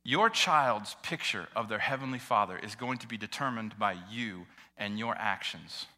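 A young man preaching a sermon, earnest and emotional, swinging between loud swells and quiet drops. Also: lowish voice, lively intonation, normal speed. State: tearing up. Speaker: pastor.

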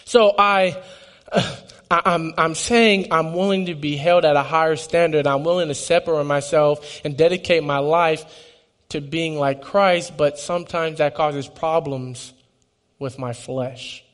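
A man's voice: fairly high pitch, fairly even intonation, a little slow, a bit bright. A man in his twenties giving an emotional personal testimony, earnest and stumbling over restarts. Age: 20s.

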